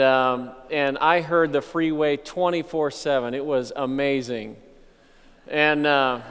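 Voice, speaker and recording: A man's voice: on the high side, smooth, big-room sound. A man, a missionary pastor, telling a personal testimony in a conversational, reflective way.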